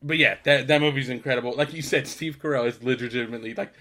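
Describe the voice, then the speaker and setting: A man's voice: mid-range voice, fast, pushed and bright, faint music behind. A young man co-hosting a podcast, retelling film scenes in casual chat, laughing and swearing as he goes. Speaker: podcast co-host.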